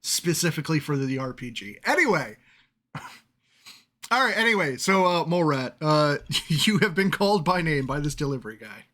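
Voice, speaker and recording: A man's voice: a little high, very animated, normal speed, pushed and bright. A man narrating as game master of a tabletop game, chatty and laughing often as he describes the scene.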